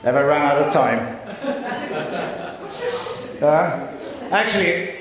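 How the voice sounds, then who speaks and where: A man's voice: fairly high pitch, expressive, slow pace. A man in his forties with an Italian accent, Italian by first language, giving a teasing, hesitant wedding speech as best man. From Italy. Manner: joking, teasing, hesitant with many fillers. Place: large wedding reception room. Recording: very echoey hall with crowd. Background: guests laughing and murmuring.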